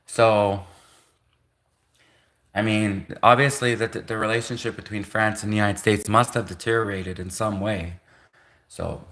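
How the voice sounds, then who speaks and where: A man's voice: fairly low pitch, steady tone, unhurried, long pauses, a bit bright. A man hosting a livestream, rambling in sarcastic commentary full of rhetorical questions. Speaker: livestream host.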